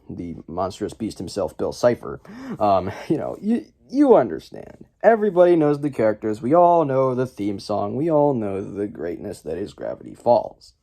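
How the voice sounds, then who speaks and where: A young man chatting to camera about his own picks, his dark, mellow voice swinging widely up and down. He rambles, restarts and fills gaps with ums, with a jokey, self-deprecating manner. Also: medium pitch. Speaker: YouTube list-video host. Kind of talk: casual talk to camera.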